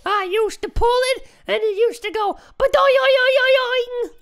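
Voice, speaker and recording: A man putting on a shrill dotty farm lady. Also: steady tone, gravelly. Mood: dramatic. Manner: slow, sing-song, mixes things up. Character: dotty, cheerful farm woman who keeps an ice cream parlour. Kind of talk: improvised comedy role-play in a video game.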